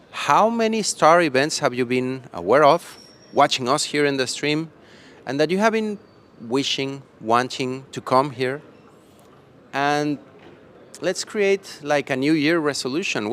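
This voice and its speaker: A man with a fairly high, fairly bright voice hosts a casual live stream chat from a conference hall after the event. He's playful and rambling, laughs often, and sounds a little tired.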